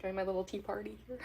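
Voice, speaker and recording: A woman's voice: medium pitch, gravelly, very noisy. A young woman chatting casually with her viewers during a drawing livestream. She giggles often and talks in a loose, rambling way with lots of fillers. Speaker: artist livestreamer.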